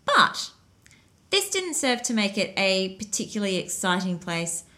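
Bright, lively woman podcast host. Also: mid-range voice, measured pace. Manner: animated, chatty, laughs often. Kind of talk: casual podcast chat.

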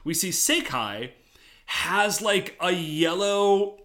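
A man co-hosting a podcast, chatting casually as he recaps a TV episode, laughing often and acting out lines in quick funny voices. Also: sits high, animated, pushed and bright. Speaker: podcast co-host.

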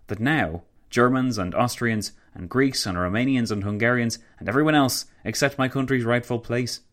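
A man voicing a proud, patriotic male foreign minister who speaks in a measured way. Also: mid-range voice, fairly bright tone, voice pushed up, lightly acted.

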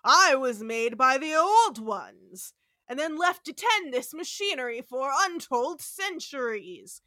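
A hulking, dutiful male android explains where he came from, as a woman on a podcast puts him on. The voice sits high and bright in a dry room, and the delivery stays plain and matter-of-fact. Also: animated, slow, dry recording, heavily acted.

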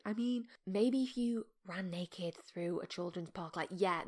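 A woman in her thirties hosting a podcast, talking in a soft, often half-whispered, self-mocking monologue. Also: fairly low pitch, vocal fry. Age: 30s. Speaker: podcast host.

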